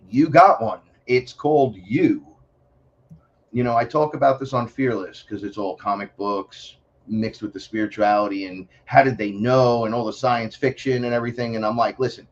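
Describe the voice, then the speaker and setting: A man telling stories as an interview guest, excitable and profane, acting out voices as he goes. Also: mid-range voice. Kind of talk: animated storytelling. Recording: dull lo-fi audio.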